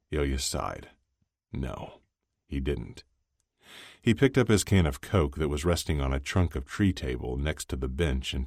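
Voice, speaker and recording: A man narrates a story in a steady, even storytelling delivery. His voice is extremely low and deep. The recording is close and dry, with no room sound. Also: breathy edge, no room sound. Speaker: audiobook narrator. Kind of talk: scripted narration.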